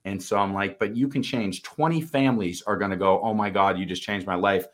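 A man with a Boston accent co-hosts a motivational podcast, telling stories earnestly in casual speech with an occasional swear word. His voice is lowish and his delivery brisk.

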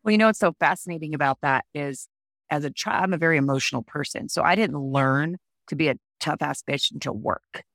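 Frank, expressive woman telling stories. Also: sits low, brisk, no room sound, clean studio sound. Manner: expressive, frank, acts out quoted voices. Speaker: podcast guest. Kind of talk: candid podcast storytelling.

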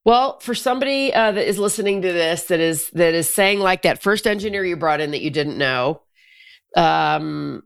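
Podcast host, creaky gravelly voice, easygoing, keeps saying "right?". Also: medium pitch, animated, moderate pace. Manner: agreeable, frequent "right?" checks. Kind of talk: casual podcast interview.

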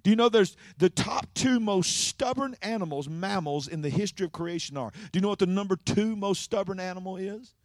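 A man preaching a sermon in call-and-response style, swinging from loud to hushed. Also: high voice, fairly quick, few pauses, no echo, studio quality.

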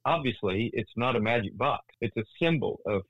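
A man in his sixties, a Christian author, telling a story earnestly in an interview, often restarting his sentences and rising in pitch at tense moments. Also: lively intonation, a little fast, no echo, highs cut off.

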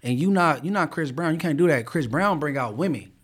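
A man's voice: a little high, animated, brisk, breathy edge. Slangy man hosting a casual podcast. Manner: slangy, interrupts and argues playfully. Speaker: podcast host.

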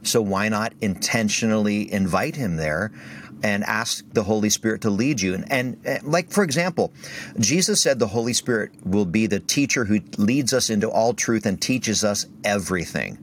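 A man sharing a faith story as a podcast guest, animated and acting out the voices of the people in it. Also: fairly low pitch, moderate pace, a little hiss or hum. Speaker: guest speaker.

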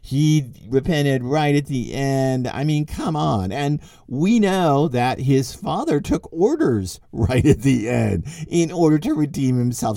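A middle-aged man giving a lively spoken lecture as a podcast host, wry and conversational with quick asides. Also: medium pitch, dry recording, clean studio sound. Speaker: podcast host and literature teacher.

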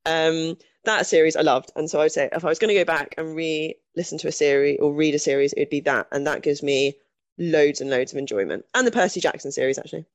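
A woman's voice: sits low, fairly quick, dry recording. A woman guest speaking candidly in a conversational interview, chatty and self-deprecating, restarting her sentences often.

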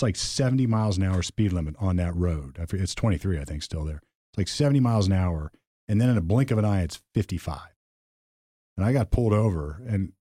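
A man's voice: low-pitched, dark tone, dry recording, studio quality. A man, co-hosting a podcast in easygoing casual chat and telling stories. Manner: storytelling, easygoing, chuckles.

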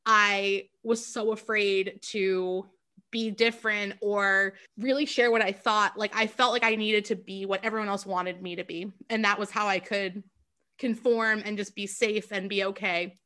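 Bright-voiced young woman speaking earnestly. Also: mid-range voice. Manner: earnest and open, fills with "like". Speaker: podcast guest. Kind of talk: candid interview conversation.

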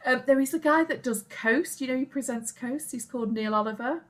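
A woman co-hosting a podcast, chatting with gushing, giggly warmth. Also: high voice, brisk. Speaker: podcast co-host. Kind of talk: casual chat.

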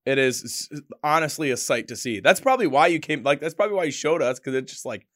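A man's voice: fairly high pitch, lively intonation, fast talker, a bit bright. A young man co-hosting a podcast, telling crude stories in casual chat and laughing often. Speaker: podcast co-host.

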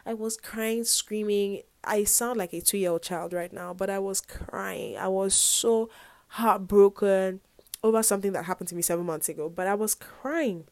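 A woman's voice: medium pitch, moderate pace, creaky, darkish tone, no echo. A young woman in her twenties, a university student, talking earnestly and reflectively about her faith in a casual vlog, rambling with lots of "like" and "whatnot". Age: young adult. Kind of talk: personal faith vlog, casual confessional talk.

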